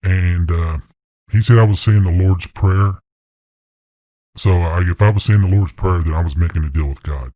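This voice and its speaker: A middle-aged man, an interview guest, telling his hunting story in a blunt, excited way and swearing freely. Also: low-pitched, normal speed, no room sound. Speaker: interview guest, deer hunter. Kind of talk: casual storytelling.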